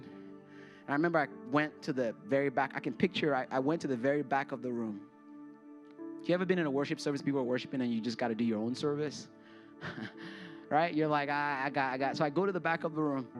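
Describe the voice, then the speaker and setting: A man in his forties, a pastor preaching a sermon to his congregation. He speaks earnestly and confessionally and repeats words when worked up. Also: medium pitch. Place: church sanctuary before a congregation.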